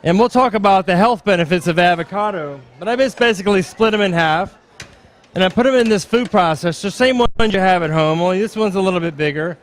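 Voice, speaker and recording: A man's voice: high-pitched, a little fast. A middle-aged man working as a chef, giving a live cooking demonstration at a dinner event. He is upbeat and chatty, and he explains each step as he goes.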